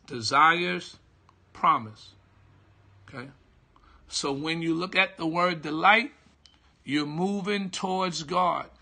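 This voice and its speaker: Slow, bright-voiced man preaching. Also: fairly high pitch. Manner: slow, repetitive teaching with call-and-response checks; greets viewers by name mid-sentence. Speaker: pastor. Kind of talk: live-streamed devotional teaching.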